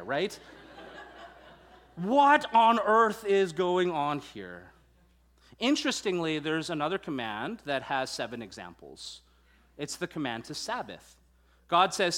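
Lightly high-voiced man preaching a playful sermon. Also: sing-song, a bit bright. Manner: conversational, playful, asks the congregation questions; reads scripture aloud in a measured way. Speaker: pastor.

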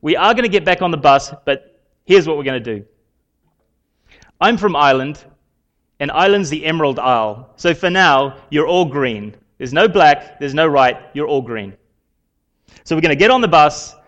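A man preaching quotes a fed-up male bus driver, speaking louder and higher. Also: expressive, normal speed, long pauses, muffled recording. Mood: firm. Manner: exasperated, raised voice.

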